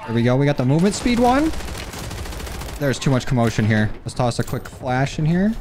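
Over faint music and game gunfire, this male YouTuber narrates his own play with casual, cocky swagger and animated trash talk. He speaks fairly quickly in a mid-range voice, and the background is noisy.

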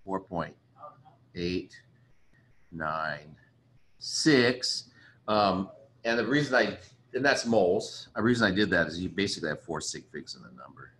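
A man with a fairly low voice gives a relaxed chemistry lecture. He thinks aloud as he works through problems and apologizes often. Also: a little fast. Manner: chatty, apologetic, thinks aloud while writing. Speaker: chemistry teacher. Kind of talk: casual recorded lecture.

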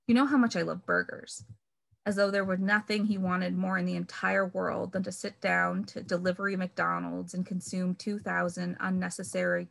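A woman reads her own fiction aloud in a measured, wry way, pressing certain words hard. Her voice sits in a middle register with a steady gravelly fry. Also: mid-range voice. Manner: measured, wry, pointed emphasis on key words. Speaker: author reading her novel.

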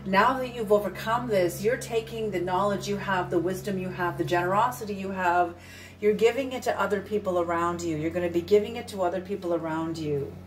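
A woman's voice: mid-range voice, a little fast, a little hiss or hum. A woman giving an intuitive tarot reading, earnest and emphatic, repeating her points. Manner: earnest, repetitive, emphatic, occasional swearing. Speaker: tarot reader. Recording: roomy, distant mic with soft music.

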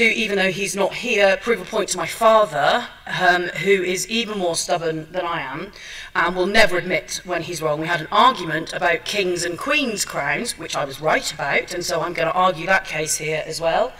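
Speaking at a moderate pace in a lowish, sharp-toned voice, a woman delivers a chatty, self-deprecating seminar talk in a trade show's seminar room, stumbling through ums and restarts. The distant mic makes for a rough recording.

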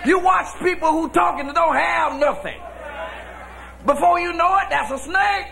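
High, gravelly shouting preacher man. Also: normal speed, crowd noise, noisy background. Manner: shouting, folksy preaching cadence. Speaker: pastor. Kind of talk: sermon. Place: church with congregation.

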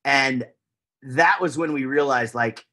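A man's voice: mid-range voice, slow, bright, forceful tone. A man with a Texan accent, chatting casually as a podcast guest, rambling with lots of fillers and restarts. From Texas, USA.

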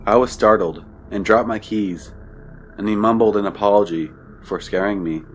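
A man narrating a true scary story in the first person with measured, descriptive wording. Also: fairly low pitch, faint music behind.

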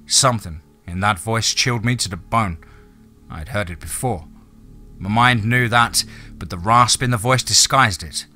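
A man narrating a scripted horror story in a measured, dramatic way. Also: fairly low pitch, sharp tone.

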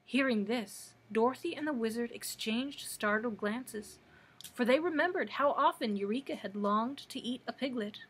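Breathy woman reading a storybook aloud. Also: fairly high pitch, moderate pace. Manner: steady, expressive storytelling. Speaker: librarian. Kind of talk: reading a children's book aloud.

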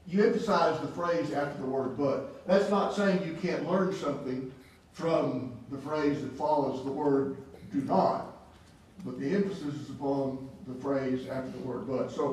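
A man's voice: mid-range voice, normal speed, darkish tone. A man teaching a Sunday Bible class, questioning the class and often repeating and restarting his words. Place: church classroom. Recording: echoey room from far off, faint hiss.

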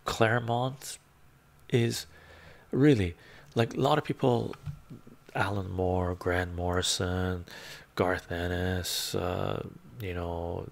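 A man hosting a casual live stream, soft-spoken and laid-back, reading chat, chuckling often and drifting into whispers. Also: low-pitched, steady tone, takes it slowly, creaky, pauses often. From Canada.

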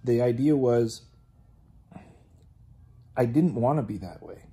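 A man giving an earnest personal faith testimony, halting and filled with "you know". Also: medium pitch, warm tone, breathy edge. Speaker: testimony speaker.

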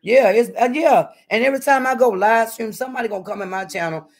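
A woman's voice: fairly high pitch, fast talker, poor audio. Sassy, blunt Southern woman, middle-aged. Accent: Southern American. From southern United States. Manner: sassy, blunt, lots of cussing. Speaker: YouTuber. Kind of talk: casual live-stream chat. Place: home kitchen, cooking.

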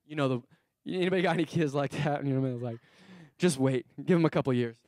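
A man preaching a sermon as pastor, telling stories with animated swings between soft asides and loud emphatic bursts, repeating key phrases slowly for emphasis. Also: mid-range voice, dry recording, clean studio sound.

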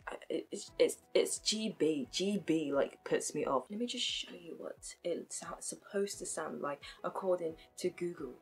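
A woman talks straight to camera, chatty and frank. She laughs at herself and restarts her sentences. Soft music plays faintly behind her. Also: fairly low pitch, moderate pace, creaky, few pauses, breathy edge. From United Kingdom. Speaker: vlogger. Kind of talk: casual commentary to camera.

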